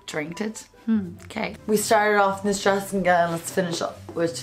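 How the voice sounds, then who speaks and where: A woman's voice: mid-range voice, steady tone, normal speed, soft background music. An Irish woman vlogging in a casual, chatty way, often giggling, tripping over her words and correcting herself. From Ireland. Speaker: YouTube vlogger.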